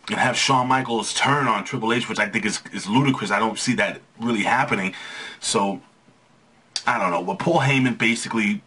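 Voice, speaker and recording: A man's voice: medium pitch, fairly bright tone, husky. A young man hosting a casual wrestling recap, rambling with frequent restarts and fillers. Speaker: wrestling show recap host.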